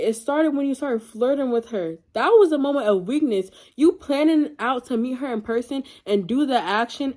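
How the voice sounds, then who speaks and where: Incredulous young woman telling a story. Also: fairly high pitch. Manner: animated, incredulous, lots of "like" and "y'all". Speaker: storytime vlogger. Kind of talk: casual storytime to camera.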